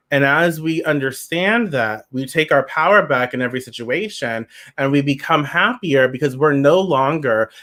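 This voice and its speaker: A man's voice: a little high, a bit bright. A man giving a pick-a-card tarot reading, talking to viewers in a chatty, playful way.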